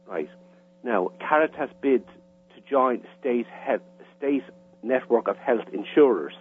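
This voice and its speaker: A man's voice: mid-range voice, lively intonation, slow pace, breathy edge, faint music behind. A man with an Irish accent, a caller on a radio interview, explaining plainly with some hesitations. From Ireland. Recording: tinny phone line with faint hum.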